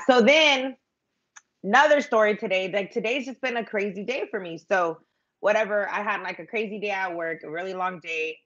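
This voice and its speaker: Middle-aged woman, live-stream storytelling, rambling, self-mocking, lowish voice, dull phone audio. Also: a bit bright. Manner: chatty and rambling, self-mocking, lots of fillers. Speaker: vlogger telling a story.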